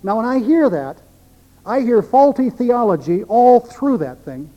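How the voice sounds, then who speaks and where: A man's voice: extremely high pitch, sing-song, unhurried, muffled recording. A male pastor preaching a sermon, emphatic, repeating phrases for stress.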